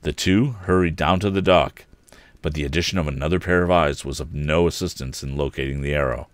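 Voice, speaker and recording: A man reading an old adventure novel aloud as a livestream storyteller, expressive and voicing each character. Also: rumbling low, a little fast, no room sound.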